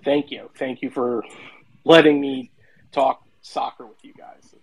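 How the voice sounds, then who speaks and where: A man's voice: mid-range voice, steady tone, a little slow, vocal fry, husky, low-quality recording. A man chatting on a podcast as a regular, talking earnestly and at length. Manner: long-winded, earnest. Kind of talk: casual podcast chat.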